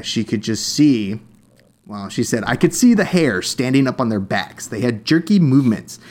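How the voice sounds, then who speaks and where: A young man co-hosting a casual podcast, retelling a story with many fillers and restarts. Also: on the low side. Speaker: podcast co-host. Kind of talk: casual chat.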